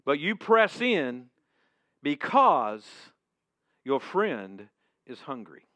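A male preacher tells a sermon story in the second person and drops to a hush at key points. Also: fairly high pitch, very animated, very slow, no echo. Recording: dull, dry sound.

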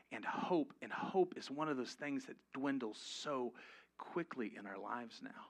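A man's voice: medium pitch, sharp tone. A man preaching a sermon to his congregation, conversational and humorous, rising to emphatic peaks. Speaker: pastor. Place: church before a live congregation.

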